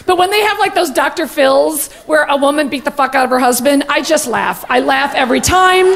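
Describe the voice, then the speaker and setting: A brash woman comedian in her forties, gossiping loudly into a stage mic with a high, gravelly voice. A faint murmur of noise sits under her set. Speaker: stand-up comedian. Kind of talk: stand-up comedy.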